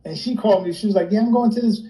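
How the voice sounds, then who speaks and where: A man from New York, a rapper and producer, telling stories as an interview guest in a casual, animated way and acting out his friends' lines. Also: high voice, very fast, reverberant, low-quality recording. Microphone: phone or computer on a livestream.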